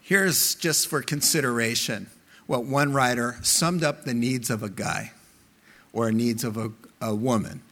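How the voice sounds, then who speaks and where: A middle-aged male pastor preaching a sermon, telling stories in an animated, emphatic way. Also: medium pitch, measured pace.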